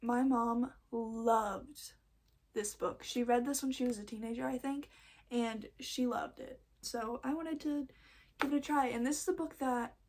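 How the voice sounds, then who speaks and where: A young woman with a slightly raised pitch talks through her book haul in a loose, rambling way. She sounds a little nervous and often trails off or loses her thought before she picks it back up. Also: fairly even intonation, a little slow, a little mellow. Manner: rambling, chatty, self-interrupting; nervous first-time vlogger. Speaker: book vlogger. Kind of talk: casual book haul chat.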